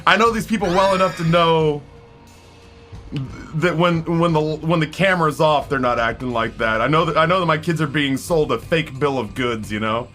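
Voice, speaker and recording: A man's voice: fairly high pitch, normal speed, a bit bright, faint music behind. A man in his forties chatting live with his stream viewers, rambling, swearing and greeting people in chat by name. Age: 40s.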